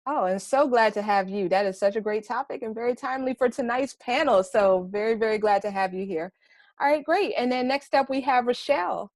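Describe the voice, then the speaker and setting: A woman's voice: on the high side, a little fast, no echo, studio quality. A woman hosting a podcast panel in an upbeat, enthusiastic way, speaking over a video call. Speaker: panel host.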